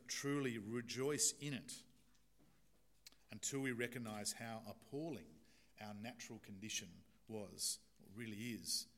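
A man's voice: on the low side, bright, forceful tone. A man preaching a sermon in an earnest, emphatic way, illustrating points with a story.

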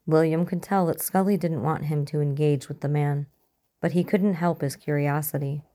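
Woman storyteller, low and mellow, steady audiobook delivery. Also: moderate pace. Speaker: narrator. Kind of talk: audiobook reading of fiction.

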